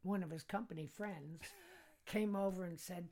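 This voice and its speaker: An older American woman tells rambling personal stories as a podcast guest. Her voice sits low for a woman, and she chuckles at her own jokes as she goes. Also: moderate pace, warm tone. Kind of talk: casual storytelling.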